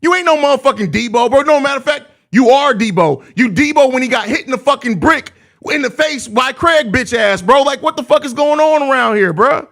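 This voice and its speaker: Profane high-voiced man ranting on a live stream. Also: expressive, brisk, vocal fry, hardly any pauses, fairly bright tone. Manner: profane, exasperated ranting with heavy slang. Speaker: host of a live postgame show.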